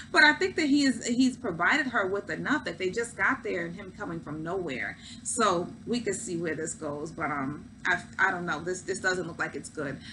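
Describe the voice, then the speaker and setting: A woman's voice: mid-range voice, pushed and bright, slight background noise, poor audio. A woman hosting a casual recap of a reality show, chatty and opinionated, with lots of fillers. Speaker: host.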